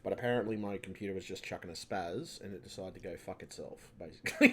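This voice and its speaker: Man, low voice, annoyed, swearing, rambling vlog talk, faint background noise. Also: fast. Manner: frustrated, swears constantly, restarts and trails off. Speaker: channel host. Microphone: computer mic at home.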